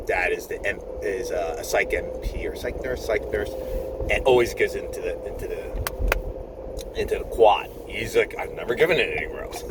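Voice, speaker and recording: A man's voice: fairly low pitch, background noise. A nurse in his fifties tells a rambling work story, with many restarts and chuckles. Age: 50s. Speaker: nurse vlogger.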